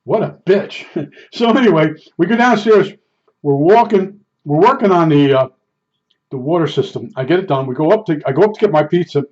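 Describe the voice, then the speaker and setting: A man's voice: a little high, lively intonation, a little fast, darkish tone. A man telling stories in a casual, rambling, self-deprecating way, chuckling as he goes. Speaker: storyteller. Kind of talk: casual storytelling. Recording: dull lo-fi recording.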